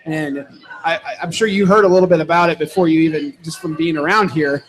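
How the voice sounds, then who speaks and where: A man's voice: on the high side, steady tone, quick pace, low-quality recording. A young man co-hosting a casual fan podcast, rambling with restarts and laughs. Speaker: podcast co-host. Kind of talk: casual chat.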